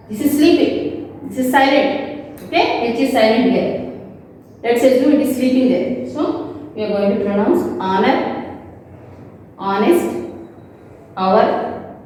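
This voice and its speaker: A woman teacher, slowly explaining a grammar lesson and often checking that the class understands. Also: a little high, mellow, slight background noise. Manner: slow, repetitive explaining with frequent checks. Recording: echoey hall, mic at a distance.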